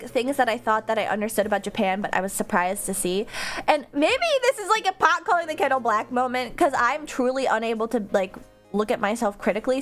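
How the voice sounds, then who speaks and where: Woman, streamer, casual chat, high voice, very animated pitch, faint music behind. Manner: animated, rambling tangents, laughs often.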